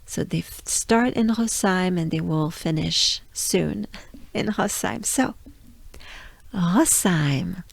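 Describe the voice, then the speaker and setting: French woman, pronunciation coach, slow patient drills, dry voice. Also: fairly low pitch, expressive, creaky, breathy edge, no room sound. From France. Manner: drills sounds slowly, repeating each one.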